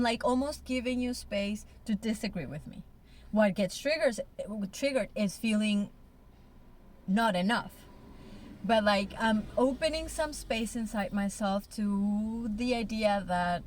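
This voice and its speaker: A woman's voice: medium pitch, slight background noise. A woman in a candid couple conversation, talking frankly and emotionally, with blunt swearing. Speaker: co-host.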